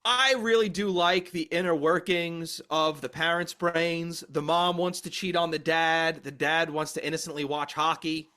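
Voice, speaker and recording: Male co-host, high bright voice, casual plot recaps, quick jokes. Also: fairly even intonation. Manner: recaps plot with jokey asides. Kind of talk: casual comedic chat.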